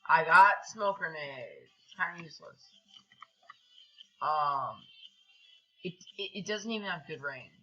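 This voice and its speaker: A young male gaming host giving casual commentary while he plays, excitable, with yelps and groans, then mumbled asides under his breath. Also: fairly high pitch, measured pace, long pauses, lo-fi sound.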